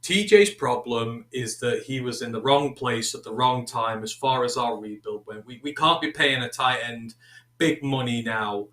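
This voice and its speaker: Man, sports co-host, long analytical answers, bright forceful voice, echoey room. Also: medium pitch. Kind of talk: casual sports talk.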